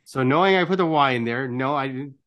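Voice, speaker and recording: A man's voice: medium pitch, brisk, fairly bright tone. Earnest man hosting, constant "right?". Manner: tags nearly every phrase with "right?"; earnest, encouraging. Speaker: podcast host and life coach. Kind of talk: casual interview.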